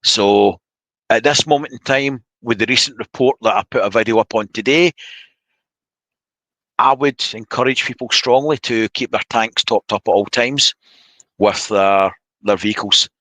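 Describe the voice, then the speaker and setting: A man's voice: lowish voice, normal speed, sharp tone, dry recording, poor audio. A man hosting a casual live-stream chat, blunt and opinionated with joking banter. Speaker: podcast host.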